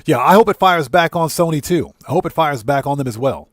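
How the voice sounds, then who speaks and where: A man's voice: on the high side, lively intonation, fairly quick, dry recording, clean studio sound. A man hosting a livestream, ranting indignantly and greeting chatters by name. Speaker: livestream host.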